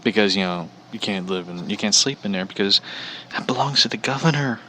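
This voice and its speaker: Blunt, rambling man with a low voice. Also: fairly quick, sharp tone, a little hiss or hum. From Missouri, US. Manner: blunt, profane, rambling, laughs often. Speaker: podcast host. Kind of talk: casual rant.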